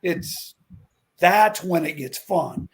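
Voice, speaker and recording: A middle-aged man, a former stuntman and drag racer, chatting as a talk-show guest and telling animated stories. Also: high-pitched, takes it slowly. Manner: animated storyteller who acts out quotes. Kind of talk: casual talk-show chat.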